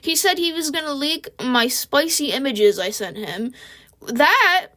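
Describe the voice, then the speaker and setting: A woman's voice: high voice, animated, a little slow, bright, forceful tone. A woman telling a casual storytime, sarcastic and slangy, swearing freely as she talks into a home recording mic. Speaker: vlogger.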